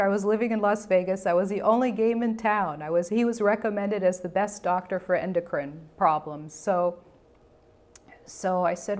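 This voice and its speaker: A woman's voice: medium pitch, steady tone, moderate pace, darkish tone. A woman telling a personal health story in a conversational way, acting out quoted dialogue with frequent restarts. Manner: conversational, self-correcting. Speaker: health educator.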